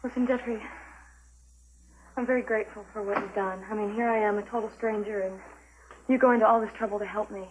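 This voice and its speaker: An actress playing an anxious young woman hiding abroad in a 1980s TV soap, earnest and quick to alarm. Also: medium pitch, fairly even intonation, background noise, close to an everyday voice.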